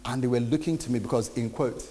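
A man preaching a testimony, telling a story in an animated way and acting out the voices in it. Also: mid-range voice, fast talker, big-room sound, a little hiss or hum. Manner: animated, acts out quoted dialogue. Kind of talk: sermon storytelling.

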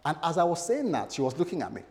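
A man's voice: fairly high pitch, very animated, very fast, darkish tone. A male pastor delivering a sermon, telling stories animatedly and acting out the voices he quotes. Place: church hall. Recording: long hall reverb.

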